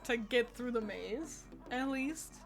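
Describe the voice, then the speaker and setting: A woman's voice: fairly high pitch, lively intonation, takes it slowly, gravelly, soft background music. A young woman streaming at home who chats playfully with her cat while gaming, cursing freely into a desk microphone. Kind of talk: casual gaming commentary.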